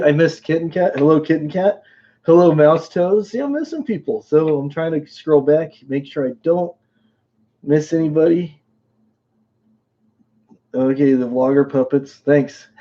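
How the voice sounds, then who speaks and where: A man's voice: medium pitch, dark tone. A man chatting casually on his live stream, rambling from one thing to the next and chuckling as he goes. He greets viewers by name. The sound is a bit dull and lo-fi.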